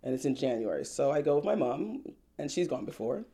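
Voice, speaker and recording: An animated woman, a singer-songwriter guest, recounts her path as a singer in a casual, unscripted interview. Her rumbling low, brisk voice jumps with frequent laughter and playful acted-out quotes.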